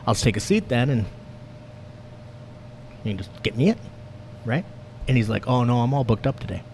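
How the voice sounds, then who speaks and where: A man co-hosting a podcast, telling a story in casual chat, animated, swearing and laughing as he goes. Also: medium pitch, normal speed, a little hiss or hum. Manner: animated, profane, laughs through his story. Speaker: podcast co-host.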